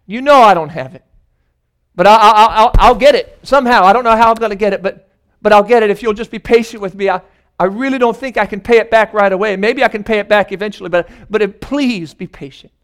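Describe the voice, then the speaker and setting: A desperate servant in a sermon's parable, stammering over his words as he begs for mercy, as a man puts him on. The voice is high and smooth. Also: fairly quick, hardly any pauses, a bit bright. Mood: pleading. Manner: stammering, pleading. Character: desperate indebted male servant begging.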